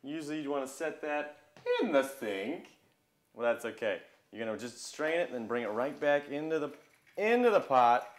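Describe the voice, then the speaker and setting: A man's voice: medium pitch, expressive, normal speed. Chatty young man demonstrating cooking. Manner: chatty, talks viewers through each step. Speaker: home cooking host. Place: home kitchen.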